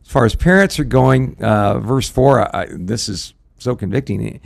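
A man's voice: mid-range voice, lively intonation, a little slow, gravelly, few pauses. A middle-aged man, a pastor, talking in a folksy way, telling stories and quoting scripture in a ministry radio discussion. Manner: folksy, anecdotal, quotes scripture.

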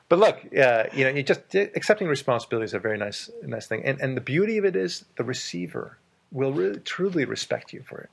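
A man's voice: mid-range voice, big pitch swings, fast, creaky, husky. A man hosting a casual advice chat, emphatic and repeating words for stress as he tells anecdotes from his work.

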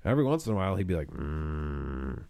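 A man's voice: lowish voice, big pitch swings, very fast, mellow. A man animatedly telling a story in casual, profane chat, full of filler words.

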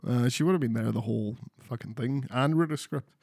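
A man's voice: medium pitch, brisk, gravelly, a little mellow, breathy edge, no room sound. Man, casual game chat, sweary, dry recording. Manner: sweary, rambling, restarts a lot. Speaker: podcast co-host. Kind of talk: casual chat about video games.

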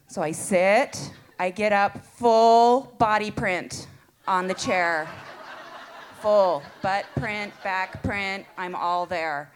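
A woman telling a comic personal story live to an audience, animated and playful, laughing as she goes. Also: medium pitch, a little slow.

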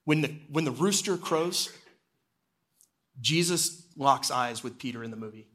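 A man preaching a sermon in a church sanctuary, telling the story in an easy, conversational way. His pitch sits mid-range for a man. At the solemn parts he sinks lower and quieter. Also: animated, unhurried. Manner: storytelling, drops low and quiet for solemn moments. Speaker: executive pastor.

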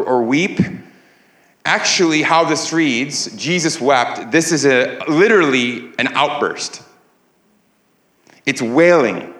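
Earnest preacher in an echoey church. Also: male voice, on the high side, fairly bright tone. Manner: earnest, repeats words while building emphasis. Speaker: pastor. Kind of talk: sermon. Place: church sanctuary.

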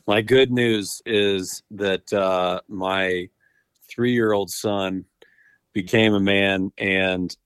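Male guest, 30s, very deep, flat delivery, dry, easygoing. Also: very slow, clean tone, dry recording. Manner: laid-back, easygoing storytelling. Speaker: guest athlete on the phone. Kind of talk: casual radio interview.

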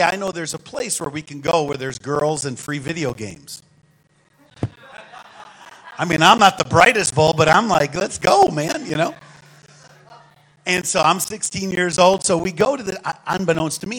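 A man with a fairly high voice preaches from a church pulpit, telling his story in an animated, conversational way. He drops to quiet asides and then bursts out loudly, laughing along with the congregation. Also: low-quality recording. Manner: animated, swings between hushed asides and loud exclamations. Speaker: guest preacher. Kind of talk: storytelling sermon. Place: church sanctuary.

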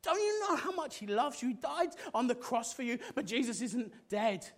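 A man delivers a sermon in a notably high voice for a man. He preaches with passion, rising to loud exclamations and then dropping to a hushed intensity. His voice lifts and falls all through the message. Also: lively intonation, moderate pace.

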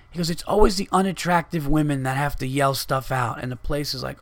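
A man's voice: fairly high pitch, steady tone, fast, hardly any pauses, dry recording. A man, a comedian hosting his podcast, telling a rambling, profane story in a casual monologue.

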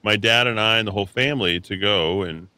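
Talk radio host, man, low voice with a crisp forceful edge, rambling delivery from the studio. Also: a little fast, no echo. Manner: rambling, many hesitations and restarts. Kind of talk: opinionated talk radio monologue.

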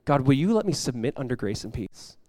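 Man preaching, conversational sermon, quick delivery, dry close sound. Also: mid-range voice, big pitch swings, dry recording. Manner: conversational, acts out prayers in a hushed voice. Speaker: pastor.

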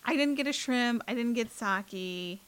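A young woman co-hosting a podcast, telling stories in a wry, sarcastic, animated way. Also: a little high, measured pace, smooth. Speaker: podcast co-host. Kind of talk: casual chat.

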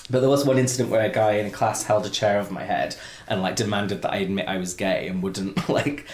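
A man's voice: lowish voice, steady tone, brisk, darkish tone. A man co-hosting a casual podcast, teasing and laughing often, then talking openly. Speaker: podcast co-host. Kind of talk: casual chat. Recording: roomy echo.

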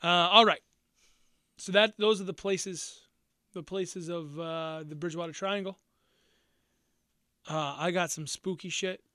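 A man, speaking high in his register as he rambles through local lore on a casual podcast. He stops and corrects himself often. The sound is dry and close to the mic. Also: steady tone, measured pace, long pauses, pushed and bright, clear, resonant tone, no room sound. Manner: rambling, self-correcting storyteller. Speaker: podcast co-host.

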